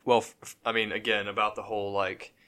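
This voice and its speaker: Brief: male podcast co-host, low-pitched, rambling casual delivery full of restarts and fillers. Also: level tone, fast talker, bright, forceful tone. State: has the hiccups.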